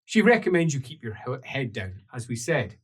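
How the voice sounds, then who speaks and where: A man narrating a tabletop role-playing game as game master, in an animated way with laughs and sound effects. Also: mid-range voice, moderate pace, slightly rough.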